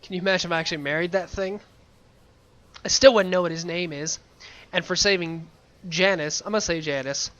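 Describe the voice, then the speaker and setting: A man's voice: high-pitched, fairly even intonation, brisk, long pauses, bright, forceful tone, lo-fi sound. A man giving casual, playful commentary while playing a video game, chatty and rambling. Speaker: let's play gamer.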